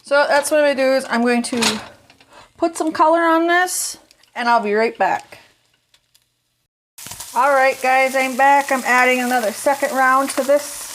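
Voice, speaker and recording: A woman's voice: high voice, a little slow, pauses often, a bit bright, slight background noise. A woman vlogger chatting casually to her phone camera while cooking in her home kitchen, folksy and easygoing.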